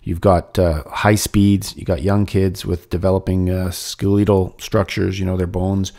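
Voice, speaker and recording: A man hosts a casual interview in a low-pitched voice. He builds on his guest's points with thoughtful, measured remarks. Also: flat delivery, creaky, warm tone. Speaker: host.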